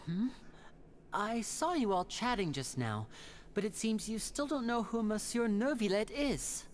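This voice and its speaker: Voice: medium pitch, animated, measured pace, slight background noise, natural voice. Someone playing a showy stage magician. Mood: theatrical.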